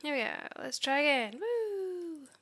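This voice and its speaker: A woman vlogger narrating her coding session, talking back at the software in exasperation. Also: sits high, moderate pace. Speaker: tech vlogger. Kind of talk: screen-recorded coding commentary.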